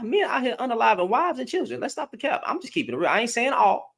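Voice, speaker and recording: A man hosting a livestream, talking in a confrontational, animated way. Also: extremely high pitch, fast talker, creaky. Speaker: livestream host. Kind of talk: heated livestream talk.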